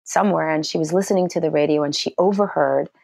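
A middle-aged actress telling a personal story in an interview, animated and acting out what people said in a high, excited voice. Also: female voice, quick pace, vocal fry, no room sound, studio quality. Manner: lively storyteller who acts out quotes in a high excited voice.

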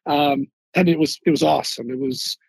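A gravelly man with a somewhat raised voice tells his army stories in an animated way. He is from Philadelphia, stumbles over repeated words as he goes, and sounds husky up close. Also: fairly high pitch, brisk, no echo, poor audio. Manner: animated, repeats words while searching for them. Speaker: guest, Army veteran. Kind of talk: casual interview storytelling.

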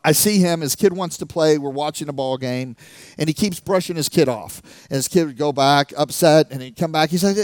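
A middle-aged man telling a story as a motivational speaker, animated, acting out the voices of the people in it. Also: fairly high pitch, clean tone, dry recording. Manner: animated, acts out the voices of people in his stories. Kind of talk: storytelling talk to a live audience.

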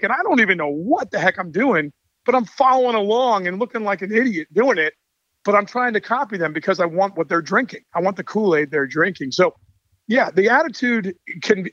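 Upbeat, bright-voiced man on a call. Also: sits high, no room sound, highs cut off. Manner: energetic, enthusiastic storyteller. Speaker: baseball coach and author. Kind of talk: casual interview talk. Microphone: call mic.

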